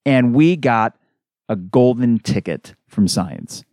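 A man hosting a solo sports podcast, ranting in an exasperated, animated way. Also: mid-range voice, slow pace, dry recording, clean studio sound. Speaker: podcast host.

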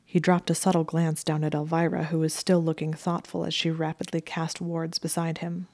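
Female audiobook reader, steady and measured, low pitch, dry studio sound. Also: dry recording. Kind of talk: audiobook narration of fan fiction.

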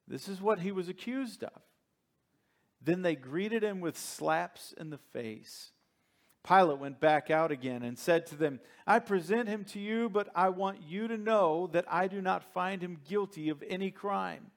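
Preacher with a higher man's voice. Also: animated, measured pace. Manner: dramatic scripture reading, swings from hushed to emphatic. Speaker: pastor. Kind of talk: sermon.

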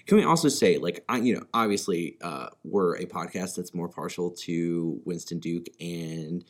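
A man's voice: sits low, moderate pace. Rambling, hesitant man on a podcast. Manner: rambling, hesitant, many "um" and "like" fillers. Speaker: podcast co-host. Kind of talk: casual film podcast chat.

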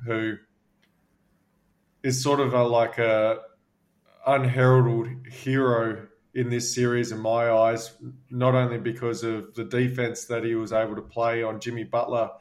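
An Australian man from Western Australia, a former basketball player co-hosting a podcast, telling stories in a relaxed, chatty way with plenty of fillers. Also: mid-range voice. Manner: relaxed anecdotal, frequent fillers. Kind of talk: casual storytelling chat.

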